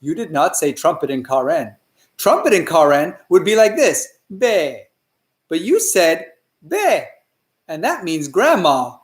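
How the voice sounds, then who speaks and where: A man's voice: very animated, normal speed, echoey room. A man voicing a startled male language teacher who urgently protests and corrects a student. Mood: correcting. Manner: high-pitched, urgent protesting.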